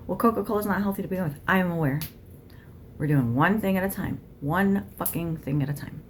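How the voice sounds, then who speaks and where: Woman tarot reader going off, cursing a lot, arguing with herself, bit of faint hum behind. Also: mid-range voice. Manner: blunt, heavy swearing, ranting; argues back and forth with herself. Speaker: tarot reader channeling a spirit guide. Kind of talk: channeled spiritual rant to camera.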